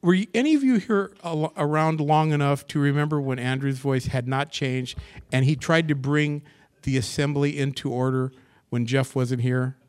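A man preaching a sermon to a church assembly, reading scripture aloud and commenting on it, dropping to hushed asides and rising to excited bursts. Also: a little high, moderate pace, clear, resonant tone. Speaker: pastor.

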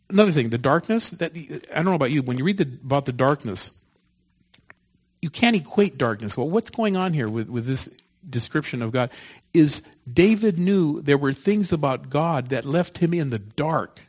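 A man preaching a sermon, moving from loud, emphatic lines to soft, hushed ones. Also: a little high, lively intonation, moderate pace, rough recording.

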